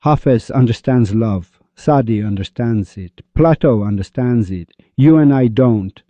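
A man giving a spiritual lecture on love, animated and full of rhetorical questions, acting out the voices of the people he quotes. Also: medium pitch, a little slow, no room sound. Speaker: Sufi speaker. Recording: dull lo-fi recording.

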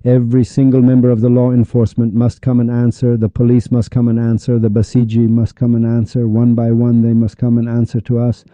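A man's voice: medium pitch, completely flat delivery, fairly quick, few pauses, mellow, no room sound. A man preaching a heated monologue on Sufism, sarcastic and insulting, with sudden angry outbursts. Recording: dull, dry lo-fi recording.

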